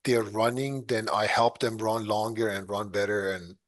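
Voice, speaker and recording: Man, podcast guest, casual talk, halting with fillers, easy chuckles. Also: on the low side, steady tone. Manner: hesitant, many fillers and restarts. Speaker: podcast guest, clean energy engineer.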